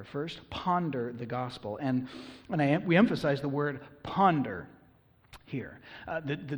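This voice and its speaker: A man's voice: mid-range voice, darkish tone, slightly rough, long reverb tail. A man preaching a sermon as pastor, earnest and emphatic, with rhetorical questions.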